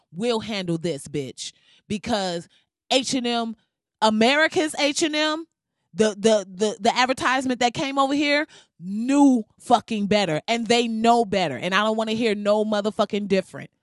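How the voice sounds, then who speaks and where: A woman tears into her subject in a blunt, profane rant, her sarcasm sharp and heated. Her voice is smooth and clear, close and dry with no room around it, at a middling pitch. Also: no echo. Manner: heated, sarcastic, heavy swearing. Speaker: vlogger.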